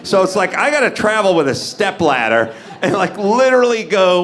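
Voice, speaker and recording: A man hosting a live comedy podcast, telling stories and acting out dialogue with big swings in his voice. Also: normal speed. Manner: animated, acts out dialogue with big pitch swings. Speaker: podcast host. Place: live podcast on stage before an audience.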